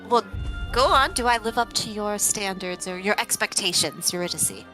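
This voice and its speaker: A woman's voice: mid-range voice, normal speed, sharp tone, soft background music. A woman playing a tabletop game, talking in character in a brash, crude, swaggering way. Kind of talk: casual in-character play.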